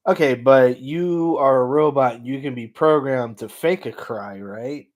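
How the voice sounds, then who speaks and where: A man's voice: mid-range voice, a little slow, dull audio. A man hosting a comedy video, teasing an AI with mock-boastful banter in casual chat. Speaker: YouTube comedy host.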